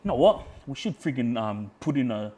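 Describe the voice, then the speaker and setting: A man's voice: mid-range voice, big pitch swings, a little fast, slightly rough. Australian man recounting a tense run-in, blunt and fired up, heavy slang and swearing. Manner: heated, swears a lot, re-enacts shouting in quotes; frequent fillers like yeah, bro, friggin'. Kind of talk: casual storytelling.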